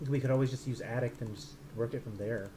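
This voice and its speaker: A man's voice: mid-range voice, steady tone, fast talker, background noise. A man playing a tabletop game, chatty and joking with the game master. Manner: chatty, jokey. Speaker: player.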